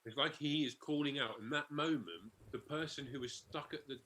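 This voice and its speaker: A man co-hosting a podcast who talks casually about a film, pausing and searching for words as he explains his view. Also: a little high, bright, forceful tone. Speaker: podcast co-host. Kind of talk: casual film review chat.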